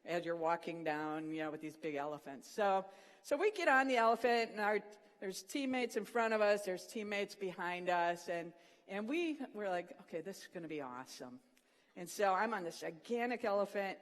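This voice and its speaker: Speaker, humorous devotional talk, acts out the quotes, mid-pitched voice, long hall reverb. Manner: animated storyteller, acts out the quotes. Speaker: speaker at a morning session of a Christian student program.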